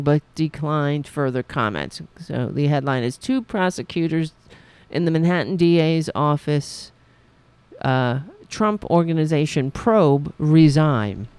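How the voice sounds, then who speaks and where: A woman's voice: low voice, darkish tone, clean tone, no echo. A woman hosting a political podcast, reading news stories aloud and breaking in with scornful, sarcastic asides and frequent self-corrections.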